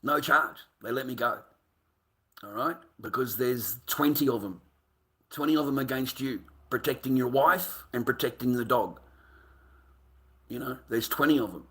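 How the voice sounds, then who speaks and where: An Australian man ranting to camera, profane and heated, with loud outbursts. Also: medium pitch, normal speed, pauses often. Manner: heated, swearing, loud bursts with laughs. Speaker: vlogger.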